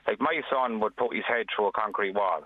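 An Irish father speaking earnestly on a radio phone-in, with plain, halting restarts. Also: on the low side, no room sound. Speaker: caller, father. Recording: dry tinny phone line.

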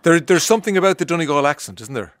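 Male radio host, bright and bouncy, a bit higher voice, dry close studio sound. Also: rapid-fire, no echo. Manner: lively and teasing, stumbles over words. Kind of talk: casual radio interview.

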